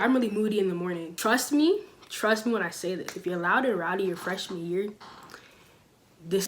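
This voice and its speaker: A teenage girl on her own channel, giving blunt school advice in a casual sit-down talk, with sudden loud stresses. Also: mid-range voice. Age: teens. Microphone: camera mic, sitting.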